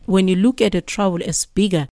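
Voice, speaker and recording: A woman's voice: mid-range voice, fairly quick, dark tone, no room sound, studio quality. A woman reading a Bible passage and preaching on it in an earnest, exhorting manner. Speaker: Bible teacher.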